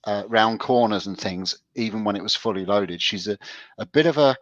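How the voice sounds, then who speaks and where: Lower-voiced man telling casual stories. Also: moderate pace, fairly bright tone, no room sound, highs cut off. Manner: storytelling, stop-start with restarts. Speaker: podcast co-host. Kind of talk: casual chat.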